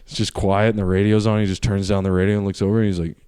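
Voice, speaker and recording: Animated young man telling stories. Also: lowish voice, rapid-fire, clean tone. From Canada. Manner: animated, swears freely, laughs often. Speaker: guest comedian. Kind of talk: casual podcast storytelling.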